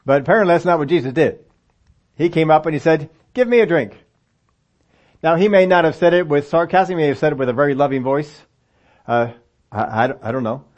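A man preaching a conversational sermon to a church congregation with children present. His voice sits a little high for a man, and he slips into short acted voices for the story's people. The recording sounds dull and lo-fi. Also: quick pace. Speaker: pastor.

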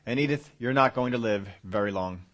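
A man voicing a gentle, saddened middle-aged doctor who delivers bad news in a story told during a sermon. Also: mid-range voice, brisk, lo-fi sound, close to an everyday voice. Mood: grave. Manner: gentle, grave.

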